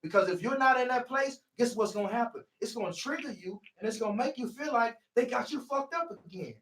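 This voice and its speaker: A man with a high voice gives a preachy motivational talk on healing. He presses each point hard and keeps circling back with "see". He sounds set back from the mic in an echoey room. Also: lively intonation, fairly quick, a bit bright, recorded from a distance. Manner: preachy, repeats "see" to drive points home. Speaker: healing speaker.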